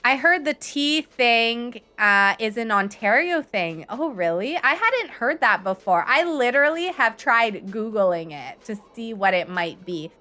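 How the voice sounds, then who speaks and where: A woman's voice: fairly high pitch, very animated, measured pace, few pauses, pushed and bright. A woman chatting casually and rambling on while she livestreams a game and answers viewers' chat. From Canada. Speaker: live streamer.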